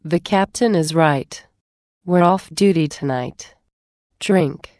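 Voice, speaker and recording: A woman's voice: sits low, slow, a little mellow, no room sound, studio quality. Woman voicing a commanding female guard captain. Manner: crisp, authoritative.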